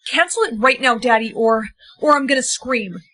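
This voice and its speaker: A woman acting in a short comedy skit with a high, bright voice. Her delivery is bratty and demanding, with plenty of drama. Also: moderate pace. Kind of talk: comedy skit role-play.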